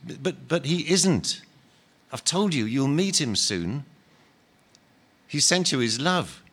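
A man reading aloud and voicing a calm, reassuring male spirit who speaks patiently. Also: mid-range voice, takes it slowly, full character voice. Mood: serene. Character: calm joyful male spirit, gentle, at peace.

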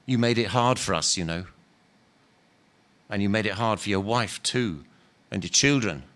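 A man voicing a gentle, humble spirit. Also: lowish voice, moderate pace, voice pushed down. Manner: calm, soft, earnest and patient. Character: gentle, humble male spirit, former murderer, patient. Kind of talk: dramatic reading of a novel.

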